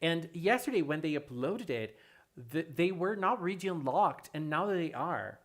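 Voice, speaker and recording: A streamer hosting a casual livestream, chatting with viewers and answering chat in an excitable way, often repeating phrases. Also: mid-range voice, a little slow. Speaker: livestream host reading chat.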